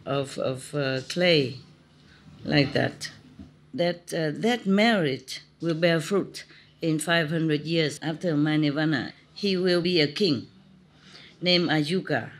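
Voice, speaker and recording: Chatty woman teacher, laughing often. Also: sits low. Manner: chatty, laughs often, simple non-native grammar. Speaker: spiritual teacher. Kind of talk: informal spiritual talk with storytelling.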